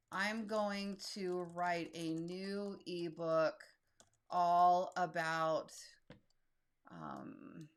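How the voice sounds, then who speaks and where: In a casual screen-share tutorial, a YouTube host in her fifties working solo speaks directly and reads aloud what she types. She has a lowish, smooth voice.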